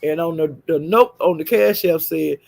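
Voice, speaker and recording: A man's voice: a little high, normal speed, gravelly, darkish tone, no echo. A man livestreaming, telling gossip in a casual chatty way, laughing often and calling out "child" and "honey".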